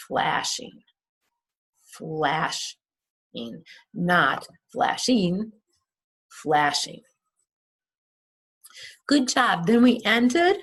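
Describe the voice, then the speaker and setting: Slow, gravelly-voiced woman teacher. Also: lowish voice. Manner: repeats words to model stress, patient. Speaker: English teacher. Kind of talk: recorded class recap, slow and deliberate.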